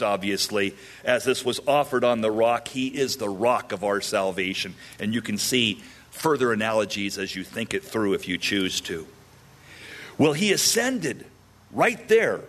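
A man preaching verse by verse, animated and humorous, acting out the people in the story. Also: mid-range voice. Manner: animated, acts out voices of characters with humor. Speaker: pastor. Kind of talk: expository Bible teaching.

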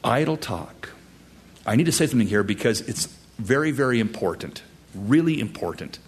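A man preaching an expository sermon to his congregation, animated, swinging between loud high emphasis and hushed whispers. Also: normal speed, husky. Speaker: pastor.

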